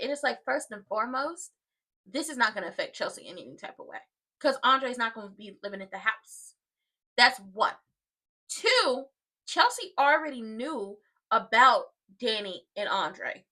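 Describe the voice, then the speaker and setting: Sassy bright-voiced woman commentator. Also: on the high side, normal speed. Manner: sassy, animated, colloquial. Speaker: commentator reacting to a soap opera. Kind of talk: live watchalong commentary.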